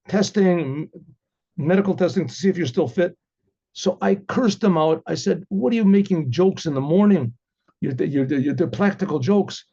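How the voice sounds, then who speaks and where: A man with a rather high yet mellow voice spins a first-person story, playing out each line of dialogue with lots of "he says". the recording is dull and lo-fi, and he clears his throat now and then. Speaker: rabbi telling a story. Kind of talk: spoken storytelling.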